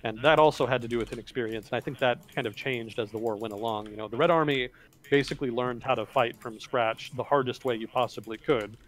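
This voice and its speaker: A man's voice: mid-range voice, steady tone, fast, fairly bright tone. A man hosting a livestream, talking casually about history, rambling and correcting himself as he thinks aloud. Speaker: livestream host.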